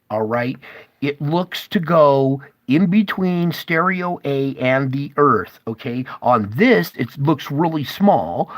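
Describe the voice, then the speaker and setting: A man talks his viewers through space-weather charts on a live stream, slow and deliberate, yet alarmed and emphatic. He keeps asking whether they see it, jumping from loud bursts down to muttered asides. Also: medium pitch. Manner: urgent, pointing things out, frequent "okay?" and "all right?" checks to viewers. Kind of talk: live stream commentary over screen charts.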